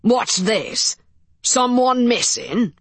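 A woman voicing an Irish police captain in an audiobook, speaking slowly and measuredly with an Irish accent. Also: on the high side, lively intonation, no room sound, pitched above the performer's own voice, exaggerated voice. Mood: measured, reassuring. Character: burly Irish police captain, gruff but reassuring. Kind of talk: audiobook character voice.

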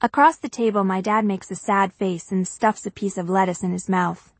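A woman's voice: medium pitch, normal speed, slightly rough, no echo. A woman narrating a first-person audiobook in a chatty, confiding way.

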